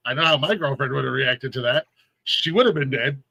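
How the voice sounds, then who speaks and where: A man's voice: mid-range voice, brisk, vocal fry, sharp tone, breathy edge, no room sound, poor audio. A man hosting a podcast in casual chat, joking and laughing a lot. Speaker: podcast host.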